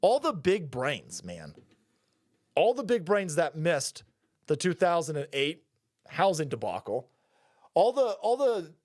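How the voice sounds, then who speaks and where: Male streamer, profane rapid-fire rant, high animated voice. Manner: profane, rapid-fire, combative, laughing asides; talks fast. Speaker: political commentary streamer. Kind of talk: profane ranting commentary.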